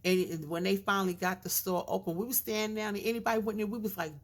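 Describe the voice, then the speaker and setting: A middle-aged woman vlogger telling a casual story, animated and a little slurred in her diction. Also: lowish voice, quick pace, few pauses. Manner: animated storyteller, acts out quoted voices.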